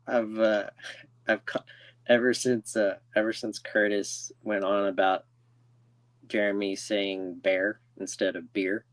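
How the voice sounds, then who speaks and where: Low-voiced man in casual podcast chat. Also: little pitch movement, slow, long pauses, dry recording.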